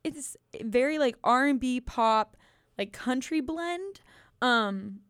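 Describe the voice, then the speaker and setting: A woman's voice: sits high, lively intonation, slow, a bit bright, smooth, dry recording, clean studio sound. A young woman from the United States co-hosting a podcast, chatting casually about an album with frequent ums, likes and giggles. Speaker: podcast co-host reviewing an album. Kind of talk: casual chat.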